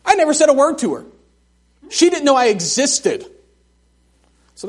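A middle-aged man preaching a sermon in a church, telling folksy, humorous stories in an animated way. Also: very high voice, normal speed. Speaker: missionary preacher. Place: church sanctuary.

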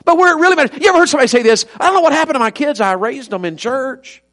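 A man preaching an evening sermon, swinging from loud fervent preaching to soft, tender asides and reading scripture in old-fashioned wording. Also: very high voice, expressive, very fast. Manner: reads scripture aloud in King James wording.

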